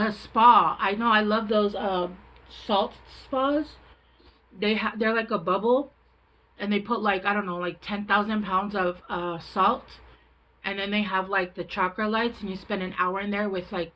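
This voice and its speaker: A tarot reader with a mid-range, fairly bright voice rambles cheerfully through a casual reading on poor audio. Chatty and frank, she keeps stopping partway through sentences to start them again.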